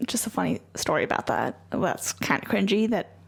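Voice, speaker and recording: A woman co-hosting a podcast in casual chat, talking quickly with lots of "like" fillers. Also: lowish voice, very animated, creaky, slightly rough. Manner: chatty, frequent "like" fillers. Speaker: podcast co-host.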